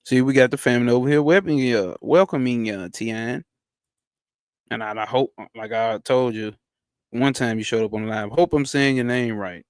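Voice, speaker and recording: A man hosting a livestream, reading a text aloud in halting stops and breaking off into loose, profane slang asides. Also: medium pitch, smooth, no room sound, clean studio sound. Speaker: livestream host. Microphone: home streaming setup.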